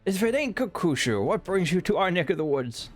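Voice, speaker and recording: A man's voice: high voice, sing-song, a little fast, soft background music, voice pushed up. Man doing a brash boozy mercenary woman. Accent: put-on unplaced accent. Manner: gruff, boisterous, crude. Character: brash hard-drinking female mercenary.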